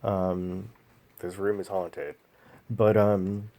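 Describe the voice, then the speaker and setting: A man vlogging a personal story in a slow, halting, emotional way, pausing often. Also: low-pitched, little pitch movement, dark tone.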